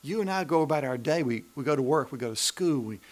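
A man preaching a sermon, swinging between emphatic rises and hushed, slowed passages, and repeating phrases for emphasis. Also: a little high, animated.

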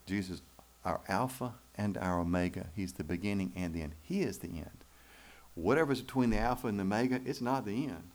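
A man's voice: fairly low pitch, a little fast. A man preaching a sermon in church, folksy and emphatic, with rhetorical questions to the congregation. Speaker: pastor.

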